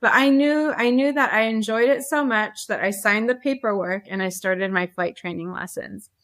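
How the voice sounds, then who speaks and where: A woman's voice: medium pitch, normal speed, a bit bright. A woman who is an airline pilot, talking earnestly in an interview and repeating phrases for emphasis. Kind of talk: faith-filled interview talk.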